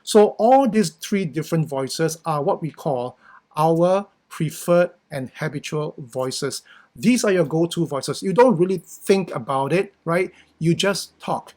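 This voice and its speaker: A man's voice: a little high, animated, measured pace, a little mellow. A middle-aged man with a Singaporean English accent, giving a conversational workshop talk with frequent "you know" and "right?". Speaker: workshop speaker. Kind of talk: talk on communication.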